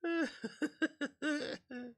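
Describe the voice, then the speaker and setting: A man's voice: very high-pitched, steady tone, very slow, fairly bright tone, no echo, studio quality. A man hosting a reaction video, laughing often and gleefully repeating mispronounced names. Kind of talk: reaction commentary.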